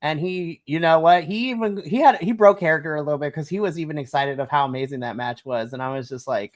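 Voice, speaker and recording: A woman co-hosting a casual wrestling review podcast, excitable and gushing, acting out her own reactions. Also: low voice, fast talker, hardly any pauses. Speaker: podcast co-host. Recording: online podcast conversation.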